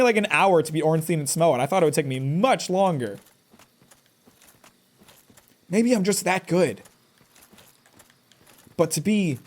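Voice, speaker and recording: A man streaming a game live, joking and trash-talking the boss and characters as he plays. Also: fairly high pitch. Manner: jokey, talks back at the game. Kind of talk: live gameplay commentary.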